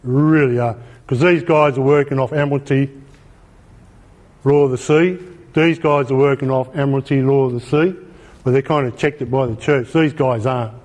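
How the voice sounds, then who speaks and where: A man's voice: medium pitch, steady tone, moderate pace, darkish tone. A man with an Australian accent giving an informal presentation, emphatic, repeating his points and asking rhetorical questions. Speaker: speaker.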